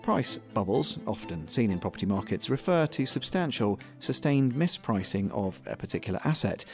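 Male radio host, lively pitch, dry studio sound, formal delivery. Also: dry recording. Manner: crisp, formal presenter delivery. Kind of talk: scripted introduction and interview questions.

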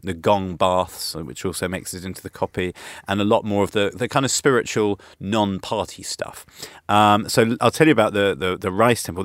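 British male travel-writer guest, deep-pitched, talks in eager loops with false starts, dry studio sound. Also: dry recording. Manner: rambling, enthusiastic, many restarts. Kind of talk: radio interview.

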